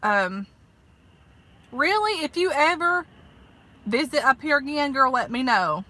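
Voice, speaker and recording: A woman's voice: sits high, big pitch swings, measured pace, bright, forceful tone. A woman in her thirties with a Southern US accent, chatting casually in a folksy way from her parked car for her vlog. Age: 30s. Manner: chatty and folksy, peppered with "honey" and "like". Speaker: vlogger. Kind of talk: casual eat-with-me vlog chat.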